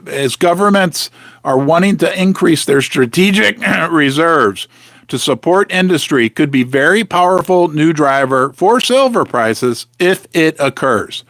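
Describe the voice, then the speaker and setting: A man hosting a casual live stream, talking with many restarts and rhetorical questions, clearing his throat as he is losing his voice. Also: on the high side, expressive, a little slow, a bit bright, dry recording. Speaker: host of a live precious-metals stream.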